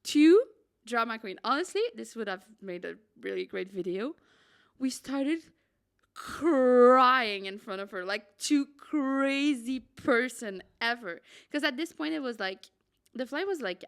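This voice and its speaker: A young woman, a podcast co-host, telling a travel story in a dramatic, excitable way and saying "like" a lot. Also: on the high side, measured pace, gravelly, smooth. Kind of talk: casual storytelling.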